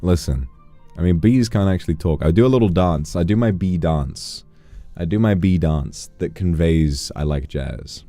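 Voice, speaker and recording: A man's voice: low voice, normal speed, no echo, faint music behind. A man chatting casually on a livestream, playful and teasing as he tells stories. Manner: playful, teasing, animated storyteller. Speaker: streamer.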